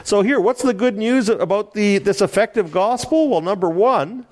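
A man's voice: high-pitched, moderate pace. A man teaching a Bible study class, lecturing and asking the group questions. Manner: animated, asks the class questions, laughs lightly.

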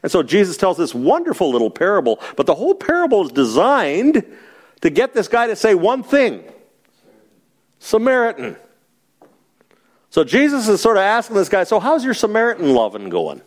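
A man's voice: high-pitched, very animated, normal speed, long pauses. A middle-aged man as a pastor, teaching a Bible study in a conversational, joking way and asking the group questions.

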